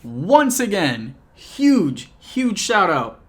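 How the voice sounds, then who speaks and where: Young guy rambling on his vlog at home, kinda higher voice, keeps interrupting himself and cracking jokes. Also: wildly swooping pitch, extremely slow, fairly bright tone. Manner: rambling, self-interrupting, jokey. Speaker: YouTuber. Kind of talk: casual vlog recap. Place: home apartment. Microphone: camcorder.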